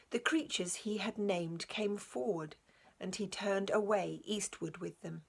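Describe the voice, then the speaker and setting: A woman reading a children's novel aloud for a church children's group, in an expressive, unhurried way. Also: mid-range voice, vocal fry.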